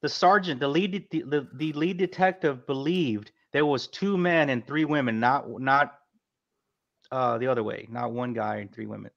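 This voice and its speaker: A man's voice: mid-range voice, moderate pace, gravelly, a bit bright. A man on a casual podcast panel, eager and talking over others while correcting himself. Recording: slightly dull lo-fi audio.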